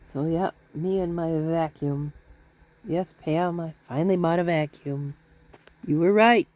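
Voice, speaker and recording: A woman's voice: sits low, unhurried, a little mellow. Chatty, rambling woman vlogging from home. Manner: rambling, chatty, self-deprecating with laughs. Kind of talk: casual chat to camera. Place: at home, indoors.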